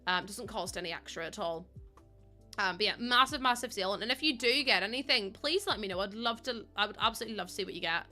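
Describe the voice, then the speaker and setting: A woman's voice: mid-range voice, lively intonation, fast talker, pushed and bright, soft background music. A young woman, chatting casually to viewers while live-streaming a building game, laughing often. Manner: chatty, laughs often, acts out quoted voices.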